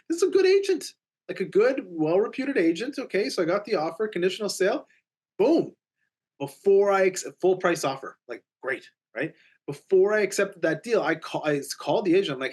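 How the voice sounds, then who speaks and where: A man's voice: fairly high pitch, lively intonation, a little fast. A man, a realtor co-hosting a podcast, telling a story animatedly and acting out both sides of the conversation. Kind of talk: casual storytelling chat.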